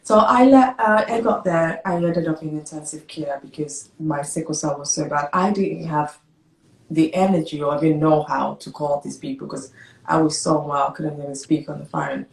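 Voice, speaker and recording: Lowish-voiced woman guest telling her story, emotional and hurried, echoey room. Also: creaky. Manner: animated, emotional, speaks hurried and broken. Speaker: interview guest. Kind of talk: personal storytelling in an interview. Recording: roomy echo.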